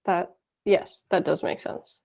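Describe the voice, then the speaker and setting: A woman's voice: slow pace, dark tone. A woman student on a video call, asking questions hesitantly and searching for words. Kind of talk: asking questions in a tutoring session.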